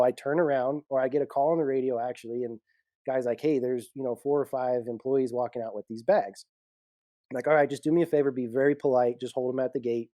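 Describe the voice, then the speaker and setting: A man on a podcast, a security professional telling lively stories with frequent laughs. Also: mid-range voice, no room sound, studio quality. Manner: animated storyteller, laughs often. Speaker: executive protection guest. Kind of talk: casual storytelling interview.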